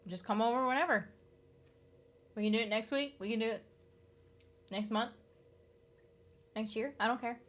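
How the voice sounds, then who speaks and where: A woman's voice: on the high side, steady tone, moderate pace, pauses often. Laid-back joking woman streamer. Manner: loose, teasing, laughs a lot, swears freely. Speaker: live streamer. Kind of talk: casual chat with stream viewers.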